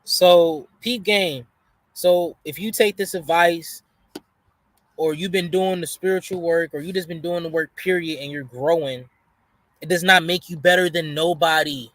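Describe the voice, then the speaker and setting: A man's voice: on the high side, unhurried, a bit bright, no room sound. A man hosting a reaction video, giving casual, preachy motivational asides in slangy speech. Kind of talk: casual commentary.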